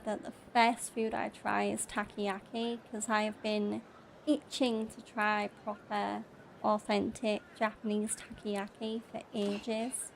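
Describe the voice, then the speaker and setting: A woman's voice: mid-range voice, gravelly, a little hiss or hum. Chatty British woman streaming games. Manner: chatty, laughs often, reads chat aloud. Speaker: gaming streamer. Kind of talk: casual gameplay commentary.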